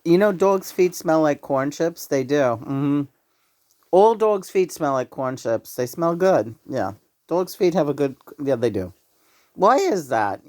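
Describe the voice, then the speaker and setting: A woman telling a story about her pets in a casual, animated way, laughing often and swearing freely. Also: deep voice, a little slow. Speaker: vlogger telling a pet story. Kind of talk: casual chat.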